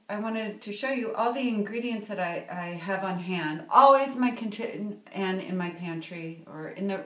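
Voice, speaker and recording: A woman's voice: medium pitch, reverberant. A woman, a cookbook author chatting playfully through a casual cooking vlog and tossing in French words. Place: home kitchen.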